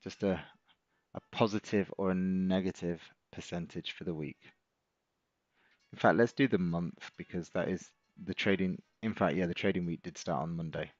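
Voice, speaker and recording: A man's voice: low-pitched, fairly even intonation, moderate pace, dry recording, muffled recording. A middle-aged man, hosting a live stream as a trading coach, chatting casually and encouraging viewers as he reads out their comments.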